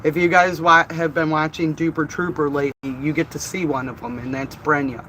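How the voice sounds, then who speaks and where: A man telling lively stories on a live stream from a bar, laughing often and cursing freely. His voice is bright and forceful, sitting a little high for a man. The talk is loose and casual. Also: brisk, a little hiss or hum, poor audio. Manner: animated storyteller, laughs often, swears freely. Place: bar, indoors.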